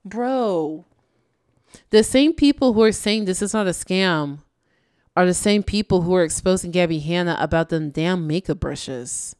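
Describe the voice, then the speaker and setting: A woman's voice: fairly low pitch, unhurried, a little mellow, clean tone, no echo, clean studio sound. A woman giving casual, exasperated reaction commentary, slangy and tired late at night. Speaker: YouTube commentator.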